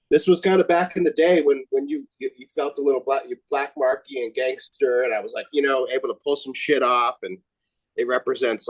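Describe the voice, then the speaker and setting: A man joining a casual chat by video call as a guest, telling a rambling, relaxed story. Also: medium pitch, dry recording, poor audio. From United States.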